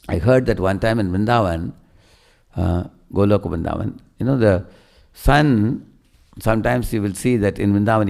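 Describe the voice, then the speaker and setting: A man's voice: fairly low pitch, gravelly. A man giving a devotional sermon, telling stories and often asking listeners questions. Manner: animated storyteller, asks listeners questions. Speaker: preacher.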